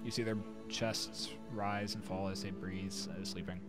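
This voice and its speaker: A man's voice: low-pitched, fairly even intonation, a little slow. A man narrating as game master for a tabletop game, rambling with many fillers and restarts. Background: background music.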